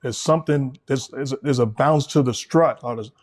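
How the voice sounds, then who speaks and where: A man's voice: medium pitch, moderate pace, a little mellow. A man hosting a podcast interview, talking in a casual way and building up his phrases with repetitions and laughs. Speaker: podcast host.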